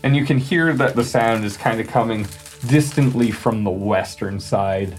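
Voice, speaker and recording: A man's voice: on the low side, normal speed, soft background music. A man running a tabletop game as game master, describing the scene in a loose, casual way with fillers and restarts. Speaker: game master and podcast host.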